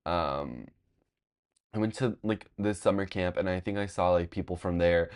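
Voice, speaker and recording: A man's voice: low-pitched, normal speed, a little mellow, clean tone. A young man from Long Beach, California, telling a personal story in a casual, rambling way, with many fillers and frequent swearing. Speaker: podcast host.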